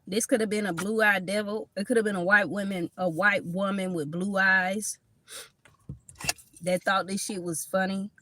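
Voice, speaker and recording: This tarot reader's mid-range voice is steady and sharp, moving at a moderate pace over a little hiss or hum. She has a Southern US accent mixing Kentucky and Florida, and her casual reading is full of laughing and cursing.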